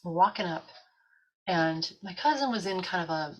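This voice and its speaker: A woman talking as a guest on a chat show, telling a story in an animated way and acting out what people said. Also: on the low side, moderate pace, rough recording. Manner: animated, acts out quotes.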